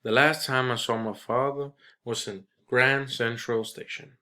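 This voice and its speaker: A man reading a short story aloud in a measured way, with small restarts. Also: mid-range voice, fairly even intonation, pushed and bright. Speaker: reader.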